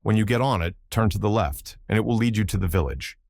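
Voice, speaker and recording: A man as a wry, teasing gentleman. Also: fairly low pitch, expressive, fast talker, creaky, a little hiss or hum. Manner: dry and teasing. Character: wry, easygoing young gentleman adventurer.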